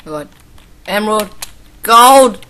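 A woman's voice: medium pitch, expressive, slow, pushed and bright. A teenage girl giving casual commentary while playing a game, exclaiming and laughing often. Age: teens. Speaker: gameplay commentator. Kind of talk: casual gaming chat.

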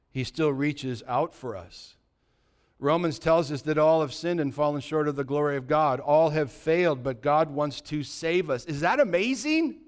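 A man with a fairly high, smooth and clear voice preaches in church, firing rhetorical questions at his listeners. He swings between loud urging and quiet, low asides, and acts out a courtroom joke with voices. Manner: tells a joke story with acted dialogue. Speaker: pastor. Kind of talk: sermon.

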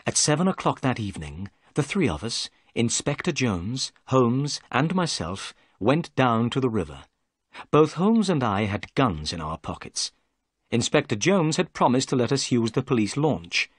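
A man narrating a story for English learners in a clear, expressive storytelling manner. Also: mid-range voice, no room sound, clean studio sound.

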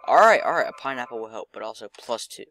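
A man's voice: lowish voice, fairly even intonation, fast talker, a bit bright, dry recording, clean studio sound. A young man giving casual gameplay commentary, muttering, swearing and mocking himself. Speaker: gaming commentator.

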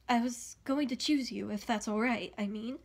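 Woman doing a shy awkward young nobleman, earnest, stumbles a bit, fairly high voice. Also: normal speed, creaky, breathy edge. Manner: hesitant, apologetic.

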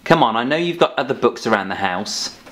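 A man hosting a children's phonics lesson, playfully scolding and coaxing a giraffe puppet. His pitch rises and falls widely in a sing-song way. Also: expressive, fairly quick, a bit bright. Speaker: phonics teacher presenter. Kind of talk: children's educational presenting.

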